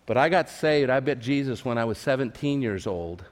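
A man's voice: medium pitch, expressive, moderate pace. A man from California preaching a sermon at a church service, earnest, repeating his words and asking the listeners questions. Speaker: pastor. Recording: long hall reverb.

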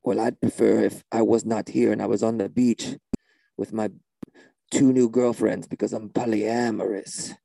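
A man doing a gravelly deadpan shaman. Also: fairly low pitch, moderate pace, no room sound. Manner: deadpan, drawling, mystical non sequiturs. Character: spaced-out deadpan male shaman guitarist.

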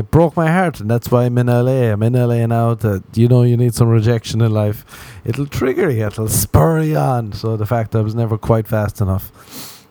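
This is a lowish, mellow male voice on a dry recording: an Irish podcast host doing a solo comedy show at his apartment. He rambles, mocks himself and keeps slipping in jokey asides and tangents.

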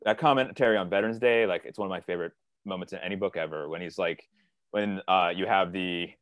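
A man with a low voice talks through a book in a relaxed podcast chat. He speaks earnestly and rambles a little, retelling scenes in his own words. The sound is dry and close, with no room around it. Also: no echo. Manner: earnest, rambling, quotes characters in paraphrase. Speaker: co-editor and podcast co-host. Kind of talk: casual literary discussion.

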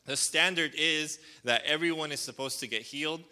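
Preaching in a clear, resonant, sharp voice that's a little high, a male pastor keeps a moderate pace through a casual sermon. His delivery rambles, full of "like" and "um," and he prompts the congregation to respond.

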